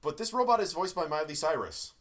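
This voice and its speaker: A man co-hosting a podcast, chatting casually about a movie with jokes and the odd swear word. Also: on the high side. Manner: animated, swearing, quick jokes. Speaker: podcast co-host. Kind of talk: casual movie review chat.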